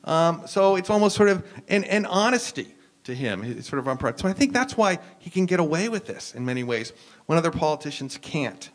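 An American university professor speaking on a panel, explaining at length with frequent "um"s and restarts. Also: male voice, a little high, very animated, brisk. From United States. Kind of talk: lecture-style discussion.

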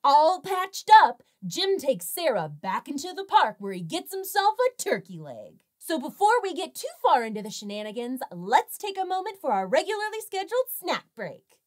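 A woman's voice: high voice, very animated, moderate pace, few pauses, darkish tone. A woman hosting a comedic film review, narrating with sarcastic, jokey asides. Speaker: film reviewer and show host.

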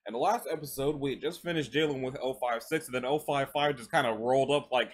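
A man's voice: mid-range voice, fast, few pauses. A man casually reading stories aloud while chewing gum, breaking off into chatty asides and stumbling over words. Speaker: story reader.

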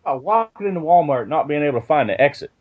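Young guy w a high voice telling a sweary story, dull lo-fi sound. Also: fast, husky. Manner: rambling and profane, animated when telling stories. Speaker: podcast co-host. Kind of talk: casual chat, storytelling.

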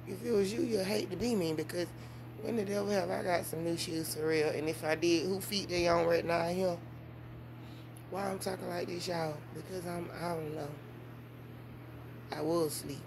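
Woman, mother vlogger, casual chat, animated, swings high and loud. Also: normal speed, slight background noise. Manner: animated storytelling with big swings in pitch and volume.

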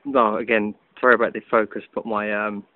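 A man's voice: lowish voice, little pitch movement, a little fast, dry recording. Guy rambling thru a diy demo outside, lots of ums, thin phone-like sound. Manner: chatty, loose, with many ums and self-corrections. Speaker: hobbyist video maker. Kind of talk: casual demonstration vlog. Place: outdoors in afternoon sun. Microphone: phone camera. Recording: tinny phone-like audio.

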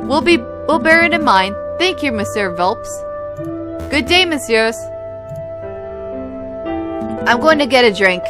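A woman's voice: fairly high pitch, expressive, moderate pace, over music, close to an everyday voice. A woman reading a terse, dry veteran male falcon lawyer from a game.

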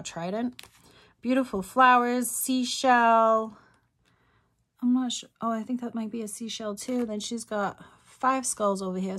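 A woman vlogger in casual unboxing chat at home, excitable and giggly, teasing herself and reading a card aloud. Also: mid-range voice.

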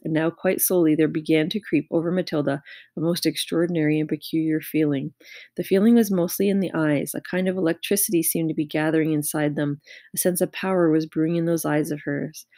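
A woman narrating a children's novel aloud with steady, expressive storytelling. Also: sits low, no room sound, clean studio sound. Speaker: audiobook reader.

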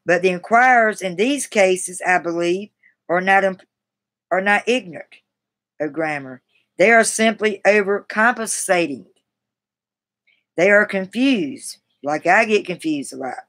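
A woman's voice: mid-range voice, lively intonation, a little slow, a bit bright. A woman on a live stream reads passages from a grammar book in a mid-range voice. She halts and restarts words often and breaks off to chat with viewers in a self-deprecating way. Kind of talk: reading aloud from a grammar book with asides to chat.

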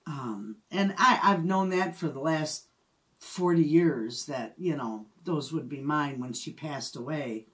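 A woman's voice: deep voice, slow pace. Chatty middle-aged woman. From Michigan, USA. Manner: chatty storyteller, laughs often. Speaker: homestead vlogger. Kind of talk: casual chat.

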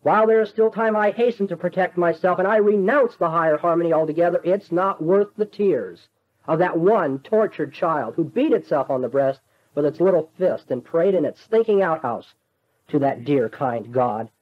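A man's voice: a little high, normal speed, voice pushed up, natural voice. A man reading aloud as an anguished male skeptic pleading with a young novice, in an impassioned, rising delivery. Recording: dull lo-fi lecture recording.

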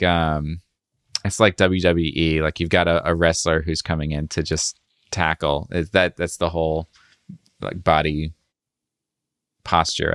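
A man co-hosting a podcast, chatting casually with halting restarts and an amused tone. His voice is low and deep. It sounds dry and close on a podcast mic. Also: a bit bright, no echo. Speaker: podcast co-host. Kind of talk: casual comic chat.

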